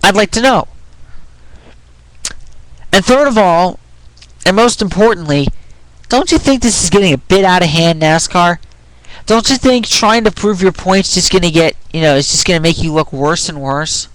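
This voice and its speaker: A young man vents in an opinion vlog, his bright, high-sitting voice at a moderate pace with frequent pauses. Frustrated and rambling, he restarts sentences, swears while making his case, and his voice cracks when it goes up. The audio is poor but has no echo.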